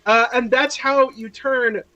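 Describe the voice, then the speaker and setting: A man who runs tabletop games, telling a story in casual chat with friends, animated and joking, swearing freely. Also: very high-pitched, takes it slowly, highs cut off. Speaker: dungeon master and podcast co-host. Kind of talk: casual chat while gaming.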